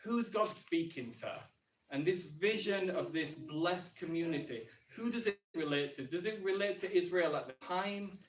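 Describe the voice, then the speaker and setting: A man's voice: high-pitched, expressive, moderate pace, slight background noise. Man preaching in an echoey church hall. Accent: Northern English. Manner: conversational, thinking aloud with questions. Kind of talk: sermon. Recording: echoey church room from far off.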